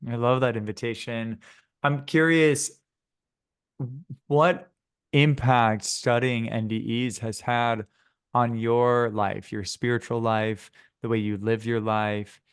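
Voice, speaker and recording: A man hosting an interview, asking gentle, encouraging questions. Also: mid-range voice, level tone, slow, clean tone. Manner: gentle, encouraging questions with frequent murmured agreement. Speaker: podcast host.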